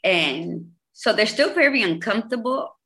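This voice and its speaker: A woman's voice: mid-range voice, expressive, moderate pace, fairly bright tone. A woman in her fifties, a guest in an interview, telling her own story with emphatic, repetitive storytelling. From Bridgeport, Connecticut, US. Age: 50s. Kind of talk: candid personal interview.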